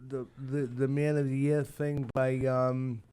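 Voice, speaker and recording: An older man, a retired youth baseball coach telling halting, rambling stories as a radio guest. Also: medium pitch, flat delivery, warm tone, smooth. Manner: rambling, halting, many restarts. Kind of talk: casual radio interview storytelling.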